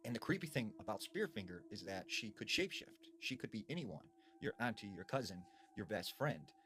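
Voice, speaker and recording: A man telling spooky stories in a hushed, dramatic way with drawn-out pauses. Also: on the low side, sing-song. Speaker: storyteller. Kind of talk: spooky storytelling.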